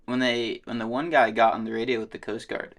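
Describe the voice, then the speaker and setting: A man's voice: mid-range voice, little pitch movement, a little fast, a bit bright. A man co-hosting a podcast, telling stories in a laid-back casual chat and swearing a lot. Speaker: podcast co-host.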